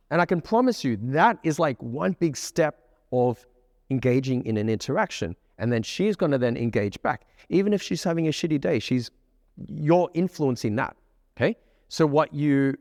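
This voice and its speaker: A man coaching a live group of students, keeping the session energetic and often checking that the room follows him. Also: medium pitch, dry recording, studio quality, in a large hall. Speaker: dating coach. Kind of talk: live workshop teaching to a group. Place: room with a live audience, on stage.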